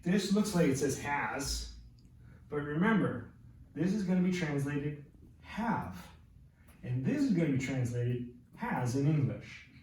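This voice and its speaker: A man in middle age teaches a Spanish grammar lesson, calmly walking through each point and pausing to check understanding. He sounds set back from the mic in a very echoey room, with a faint hum of ambience underneath. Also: a little high, recorded from a distance. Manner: patient, explains step by step and checks understanding.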